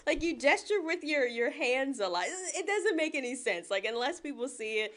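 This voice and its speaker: A woman's voice: high voice, big pitch swings, moderate pace, fairly bright tone, slight background noise. A tipsy woman co-hosting a casual podcast chat, laughing often, her words slightly slurred. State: tipsy from drinks. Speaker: podcast co-host.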